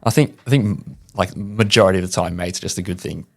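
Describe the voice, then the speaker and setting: A man's voice: sits low, a little fast, gravelly. A young Australian man, a podcast guest in a casual chat, talking in a laid-back way with lots of "like". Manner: laid-back, says "like" a lot.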